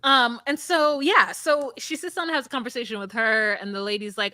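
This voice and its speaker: A woman's voice: a little fast, hardly any pauses, dry recording. A woman co-hosting a casual recap chat, telling the story animatedly and acting out quotes. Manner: animated storyteller, acts out quotes in high voices. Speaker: podcast co-host.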